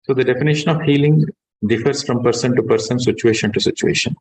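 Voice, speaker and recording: A man, a meditation teacher guiding a session and then giving a calm, measured spiritual talk that stresses key words. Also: medium pitch, a little hiss or hum, low-quality recording.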